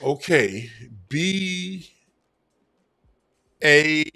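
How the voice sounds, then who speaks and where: A man doing a mocking impression of a raspy man fumbling through a spelling quiz, spelling slowly letter by letter. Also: a little high, animated, bright, forceful tone, soft background music, heavily acted. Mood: fumbling, pleading. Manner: slow, halting, spells letter by letter. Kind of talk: mocking impression in a casual vlog.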